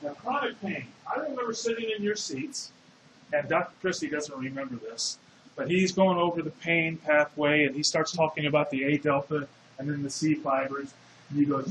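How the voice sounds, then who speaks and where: A man's voice: fairly high pitch, a little fast, fairly bright tone, slight background noise. A man giving a classroom lecture, explaining step by step and putting questions to the class. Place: lecture hall. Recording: echoey lecture hall.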